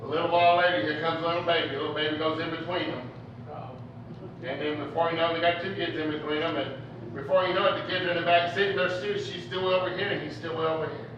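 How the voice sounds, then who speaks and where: A man's voice: fairly high pitch, fairly even intonation, fast talker, background noise. A man preacher giving a folksy, joking sermon in a conversational storytelling manner. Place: church hall. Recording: echoey, distant, dull church recording.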